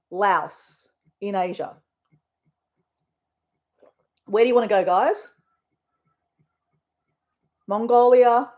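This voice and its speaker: A woman's voice: mid-range voice, darkish tone. An Australian woman hosting a casual live stream, chatting in a rambling way with her viewers. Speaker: livestream host.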